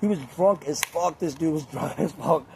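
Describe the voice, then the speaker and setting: A young man talking casually to camera in a crude, rambling way, laughing often and mimicking others in high voices. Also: normal speed, gravelly, slight background noise. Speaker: vlogger.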